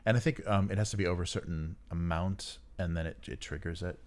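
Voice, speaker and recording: A man's voice: deep voice, fairly even intonation, quick pace. A man co-hosting a podcast in casual chat, rambling with many fillers and frequent chuckles. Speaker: podcast co-host. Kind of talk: casual chat about tabletop games.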